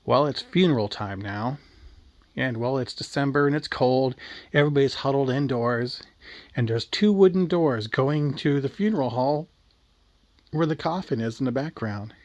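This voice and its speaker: A man narrates a crude, darkly comic story in an offhand, casual way. His voice sits at an ordinary mid pitch. The recording is close and dry. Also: moderate pace, a little mellow, no room sound.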